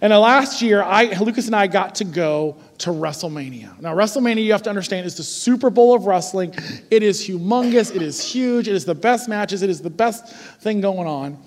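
A man in his forties preaching a sermon, telling stories in a lively, conversational way and often checking in with the congregation. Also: sits high, a little fast, long reverb tail. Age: 40s. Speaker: pastor. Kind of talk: sermon with storytelling.

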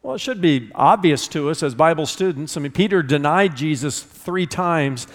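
A man's voice: fairly high pitch, lively intonation, moderate pace, big-room sound. A man pastor preaching a sermon in an expository manner, often repeating words for emphasis. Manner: expository, repeats words when stressing a point.

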